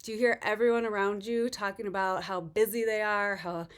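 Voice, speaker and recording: A fitness coach in middle age talks straight to her listeners, a touch out of breath from a workout. She is earnest and reassuring and slips into lively quoted voices. Her voice sits at an ordinary pitch for a woman. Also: a little fast, smooth. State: a little out of breath after a workout. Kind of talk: casual motivational talk to camera.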